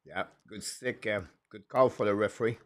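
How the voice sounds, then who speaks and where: Halting man calling hockey play-by-play. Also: on the low side, steady tone, a bit bright, dry recording, clean studio sound. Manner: halting, frequent "uh" fillers, broken English phrasing; apologetic self-corrections. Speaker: play-by-play commentator and show host. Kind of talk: live-stream hockey play-by-play.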